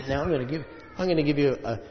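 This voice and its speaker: A man preaching a sermon, chatting to the congregation with asides and reading scripture aloud, slowing down for emphasis. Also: fairly high pitch, faint music behind. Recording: dull sound with long reverb in a hall.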